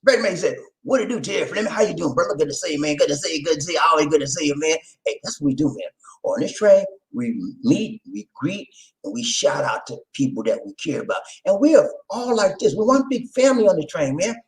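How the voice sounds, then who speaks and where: A man hosting his own video channel, talking casually straight to his viewers, shouting out names and preaching about community. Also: fairly high pitch, very animated, quick pace, poor audio. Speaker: vlog host. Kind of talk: casual direct-to-camera chat.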